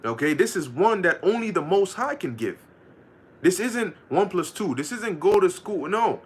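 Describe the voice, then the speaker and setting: Lively, swearing man teaching scripture. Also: high voice, husky. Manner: loose, profane, reads verses slowly, laughs often. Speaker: Bible teacher. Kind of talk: casual scripture lesson.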